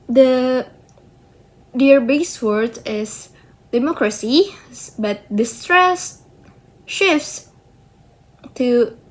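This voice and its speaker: A woman, presenting slides in a student project on word stress, talking haltingly with frequent restarts. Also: high voice. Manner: halting, slow, restarts and self-corrections. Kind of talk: slide presentation explaining pronunciation.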